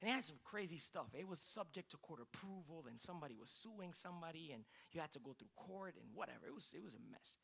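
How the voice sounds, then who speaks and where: A man pastor preaching a sermon, telling a story in an animated way and often exclaiming. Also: fairly high pitch, quick pace, vocal fry, hardly any pauses, breathy edge.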